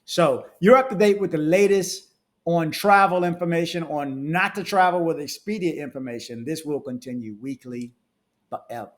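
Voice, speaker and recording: A man's voice: a little high, normal speed. A man, a travel vlogger reading reviews aloud and ranting in casual asides with frequent restarts.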